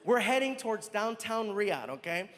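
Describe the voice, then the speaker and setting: A male stand-up comedian, animated and acting out the people in his story as he talks to a live crowd. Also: high voice, normal speed. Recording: live venue with long reverb, faint ambience.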